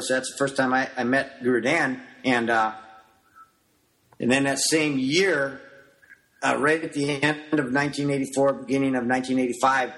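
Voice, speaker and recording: A middle-aged man, a martial arts coach, talking as a guest in a relaxed storytelling way, loose and rambling, often acting out what he said back then. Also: medium pitch. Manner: animated storyteller who acts out his younger self in quotes; loose, rambling with many "you know" fillers. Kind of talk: casual storytelling interview.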